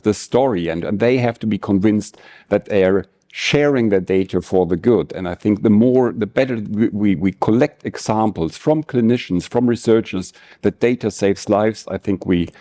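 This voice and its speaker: A man answering on a conference panel, halting and repeating words as he goes. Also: fairly low pitch, warm tone.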